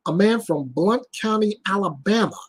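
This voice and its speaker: A man's voice: high-pitched, expressive, normal speed, breathy edge. A man hosting his own news show, reading reports and giving blunt, emphatic commentary.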